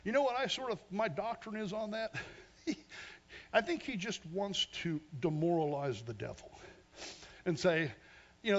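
Fervent preaching man with gravelly, lively voice. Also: high-pitched, normal speed, pauses often, dull audio. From Western Pennsylvania. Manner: fervent, emphatic, calls for amens, laughs at himself. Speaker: pastor. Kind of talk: energetic sermon.

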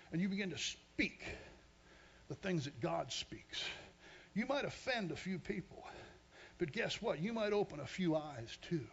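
A high-voiced man from Western Pennsylvania preaching a fervent sermon. His voice is gravelly and husky, and his pitch swings widely as he calls out for amens. It sounds like a slightly dull, lo-fi recording. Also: fairly bright tone. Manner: fervent, emphatic, calls for amens, laughs at himself. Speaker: pastor. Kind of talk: energetic sermon.

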